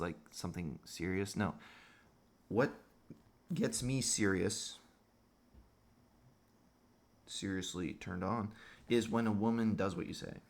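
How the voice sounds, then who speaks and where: A man's voice: on the low side, creaky. A man delivering a crude, sarcastic monologue rant as a vlogger.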